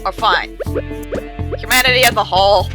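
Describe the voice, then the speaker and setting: A woman's voice: medium pitch, moderate pace, low-quality recording. A young woman streamer in casual chat, swearing freely and slipping into silly voices. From an island. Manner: animated, swears a lot, slips into silly voices. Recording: music playing behind the voice.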